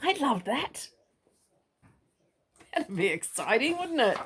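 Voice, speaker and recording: A woman's voice: a little high, very animated, slow, gravelly, fairly bright tone, a little hiss or hum. A woman reading a children's storybook aloud to a child, playful and chatty with asides. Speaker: parent or relative reading to a child.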